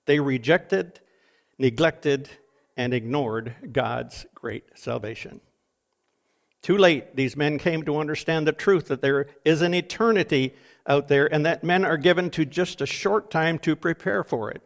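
A man's voice: a little high, measured pace, vocal fry. An older man preaching a sermon, reading deathbed quotes with dramatic emphasis.

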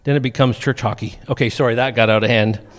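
A middle-aged man preaching a sermon, telling funny stories in a lively way. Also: mid-range voice, fast talker. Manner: humorous storytelling, animated. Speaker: pastor. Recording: long reverb of a church hall.

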